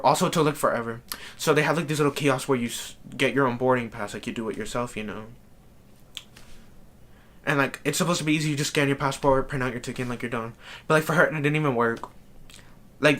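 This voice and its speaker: A man's voice: mid-range voice, a bit bright. A man telling a rambling storytime vlog, exasperated and full of "like" fillers. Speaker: vlogger. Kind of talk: casual storytime rant.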